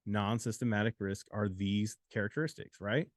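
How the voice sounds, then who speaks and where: A man's voice: medium pitch, fairly quick, no echo, studio quality. A man co-hosting a live exam study lesson, joking around and encouraging viewers while summing up the point. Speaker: exam prep co-host.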